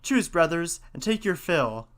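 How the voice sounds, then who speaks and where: A man's voice: a little high, big pitch swings, unhurried, a bit bright, voice pushed up. A man voicing a brave young hero in a spoken folktale, bold and rallying. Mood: commanding.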